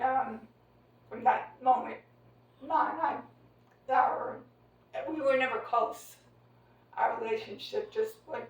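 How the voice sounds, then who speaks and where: A woman's voice: on the high side, recorded from a distance. Rambling older woman telling a memory. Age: 60s. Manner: rambling, hesitant, with many fillers and restarts. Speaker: storyteller recounting family memory. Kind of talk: casual family conversation. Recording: echoey room, voice from away from the mic.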